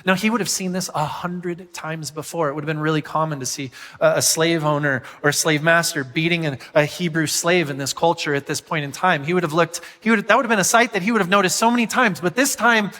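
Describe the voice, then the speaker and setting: A man preaching a sermon as pastor, animated and often putting questions to the congregation. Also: a little high, brisk, few pauses, in a large hall. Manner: animated, asks the crowd questions.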